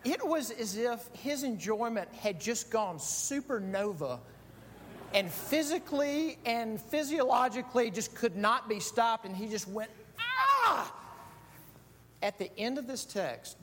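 A middle-aged man preaching a sermon, telling stories with animated delivery that swings from quiet asides to loud shouts. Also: measured pace. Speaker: pastor. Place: church sanctuary. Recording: echoey hall with faint rumble.

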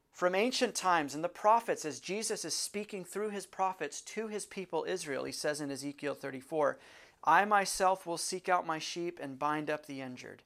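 A preacher delivers a sermon in an earnest, conversational manner. The voice sits at an ordinary middle pitch, and key phrases come back again and again for emphasis. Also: fairly bright tone. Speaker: pastor.

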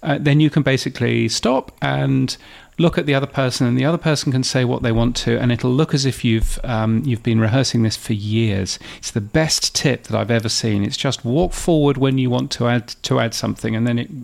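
Chatty gravelly man co-hosting a podcast. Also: medium pitch, brisk, darkish tone. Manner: chatty, self-mocking, many fillers and restarts. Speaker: podcast co-host. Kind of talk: casual podcast chat.

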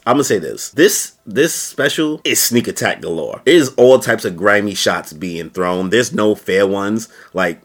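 A man giving a casual video review, talking in an animated, slangy way. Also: unhurried, few pauses. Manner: animated, slangy, jumps into high-pitched quoted voices. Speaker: YouTube reviewer.

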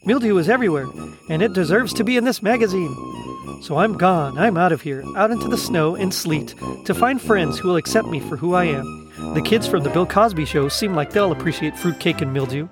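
A man voicing an eccentric, excitable male Muppet who talks earnestly and stammers when cold. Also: sits high, a little fast, over music.

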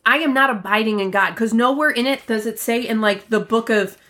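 A naturally loud woman from the Northeast United States co-hosts a casual faith podcast. Her voice is bright and forceful, a little higher than most. She talks emphatically and pokes fun at herself. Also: fairly quick. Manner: loud, emphatic, self-deprecating. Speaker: podcast co-host.

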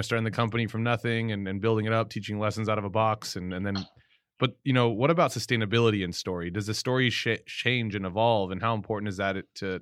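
A man's voice: fairly low pitch, a bit bright, no room sound, studio quality. A man hosting a podcast who asks long, rambling questions full of "you know". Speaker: podcast host. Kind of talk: conversational interview.

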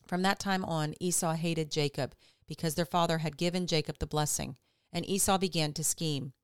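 A woman hosting a podcast, reading scripture aloud in a steady, measured way. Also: deep voice, smooth, no room sound, clean studio sound. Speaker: podcast host.

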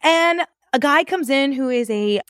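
A young adult woman hosts a podcast in a chatty, playful way and teases her guest as she tells her own story. Her voice sits a little high. It is recorded dry and close. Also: animated, measured pace, fairly bright tone, no echo. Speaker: podcast host. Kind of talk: conversational podcast interview.

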